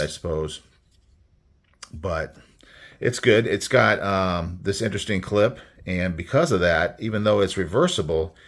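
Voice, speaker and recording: Low-voiced man rambling about a knife. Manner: rambling, easygoing, enthusiastic. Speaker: knife reviewer. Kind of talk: casual product review.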